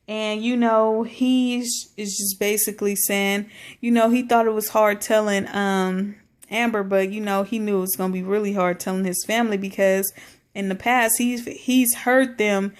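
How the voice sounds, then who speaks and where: A woman recapping a reality show in a casual, slangy vlog, with many fillers. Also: medium pitch. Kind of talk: casual chat.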